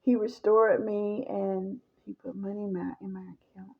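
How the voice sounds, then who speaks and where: A woman tells her personal testimony in an emphatic way and keeps turning to her listeners. Her voice has a gravelly fry, and the recording sounds dull and lo-fi. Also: medium pitch, level tone, moderate pace. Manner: emphatic, speaks straight to listeners as y'all.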